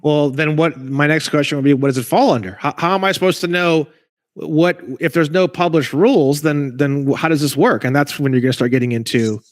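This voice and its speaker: A man's voice: fairly high pitch, steady tone, a little fast, dry recording, clean studio sound. A man ranting in casual conversation over a video call, emphatic, rambling and profane, as a guest legal researcher.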